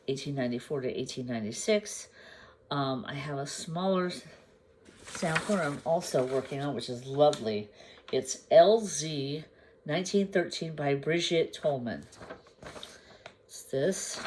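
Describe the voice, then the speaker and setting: Slow, chatty woman crafting vlogger. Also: low-pitched, a little hiss or hum. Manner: unhurried, chatty, meandering with pauses; asks the viewers questions. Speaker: crafting vlogger showing her projects. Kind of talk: casual show-and-tell chat to camera.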